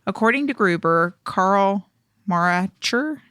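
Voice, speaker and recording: A woman co-host reading background notes aloud in a studio, steady but tripping over foreign names. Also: medium pitch, takes it slowly, clear, resonant tone, no echo.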